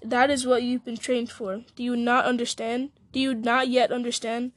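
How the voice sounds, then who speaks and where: A woman reading the lines of an old male wizard, grave and measured. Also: fairly high pitch, little pitch movement, no echo, natural voice.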